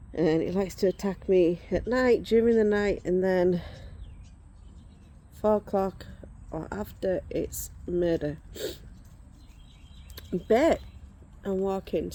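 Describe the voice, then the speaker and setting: Slow-talking, mellow-voiced woman in her forties. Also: lowish voice. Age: 40s. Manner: rambling, chatty, breaks off to shoo insects. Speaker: vlogger showing reborn dolls. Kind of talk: casual chat. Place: outdoors in the sun.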